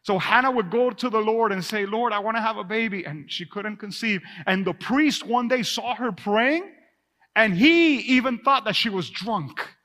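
High, bright-voiced preaching man. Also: a little slow, in a large hall. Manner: animated preaching, reading scripture aloud. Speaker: pastor. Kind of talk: sermon. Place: church sanctuary.

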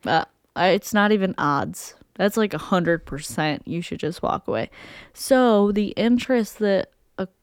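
A woman's voice: mid-range voice, lively intonation, unhurried, smooth, no echo, clean studio sound. A young woman co-hosting a podcast, telling a story in casual chat and acting out what people said. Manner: chatty storyteller, acts out quotes. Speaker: podcast co-host.

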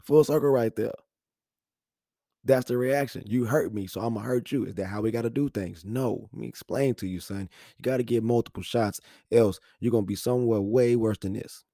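Man, thirties, lively storyteller on a podcast mic, dry close sound. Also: mid-range voice, fairly quick, no echo. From Houston, Texas. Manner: animated storytelling, acts out voices, laughs often. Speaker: podcast talker. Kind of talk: casual monologue. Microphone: studio microphone.

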